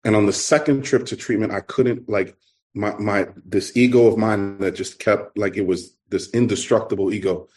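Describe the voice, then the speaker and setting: A middle-aged man from New York with a New York accent, telling his recovery story to a meeting in an earnest, halting way. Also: fairly low pitch, fairly even intonation, darkish tone. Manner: earnest, halting, repeats himself. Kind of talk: personal testimony talk.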